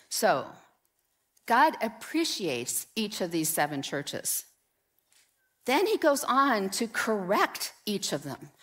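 Woman pastor preaching with lively asides. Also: medium pitch. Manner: conversational, animated storytelling with audience participation. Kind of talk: sermon. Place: church sanctuary.

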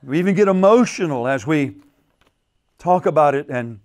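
Pastor guy preaching, fairly high voice, keeps repeating himself, gets quiet then punches up. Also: expressive, normal speed. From United States. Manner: repeats phrases, rises and falls in pitch and volume for emphasis. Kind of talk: sermon. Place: church at a men's retreat.

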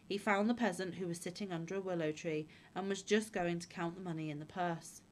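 A woman reading old fairy tales aloud in a calm, measured way. Her voice sits on the low side, steady and unhurried. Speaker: storyteller. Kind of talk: fairy-tale read-aloud.

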